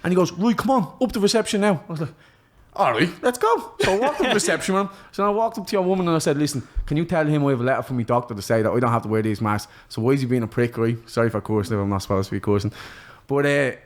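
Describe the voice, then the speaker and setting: A young Irish man, a boxer, telling a lively, cheeky story in casual podcast chat and putting on other people's voices. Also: medium pitch, racing. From Ireland. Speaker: guest, professional boxer.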